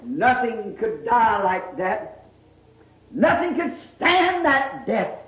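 A preacher giving an impassioned sermon, drawn-out and emphatic, bursting into shouts on key words. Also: sits high. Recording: dull, echoey old sermon recording.

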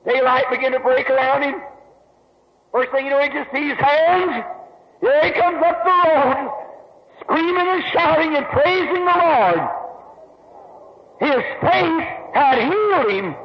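A man with a very high voice preaches with dramatic storytelling, crying out the lines of the people in his tale. The recording is dull and lo-fi, with a faint hiss behind him. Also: a little slow, long pauses, in a large hall. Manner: dramatic retelling, voicing characters with cries. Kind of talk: sermon storytelling.

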